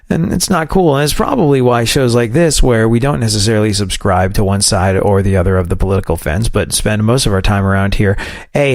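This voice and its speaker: A man's voice: lowish voice, vocal fry, no echo, clean studio sound. A man from New York with a New York accent, hosting a commentary show in a sarcastic, wry way. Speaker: host.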